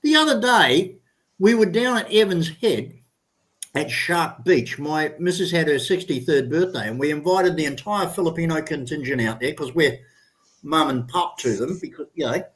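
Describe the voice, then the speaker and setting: A man's voice: a little high, expressive, moderate pace, fairly bright tone. An Australian man in his sixties, a guest in a casual chat, talking in a rambling, enthusiastic way and swearing freely.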